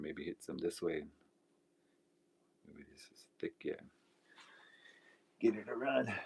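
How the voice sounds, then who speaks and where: A man's voice: deep voice, vocal fry, darkish tone, breathy edge. A man hosting a live stream, chatting casually and telling rambling folksy stories while he works, laughing often. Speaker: livestream host.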